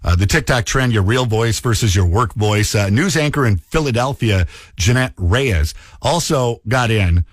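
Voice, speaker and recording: Brief: Minnesotan male radio host, lively pitch swings, dry studio sound. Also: moderate pace, no echo. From Minnesota, USA. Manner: chatty, animated, self-mocking. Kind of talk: casual radio talk.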